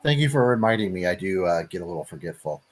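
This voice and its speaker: A man's voice: deep voice, expressive, fast. A man talking in character as a tabletop player, polite and a little hesitant.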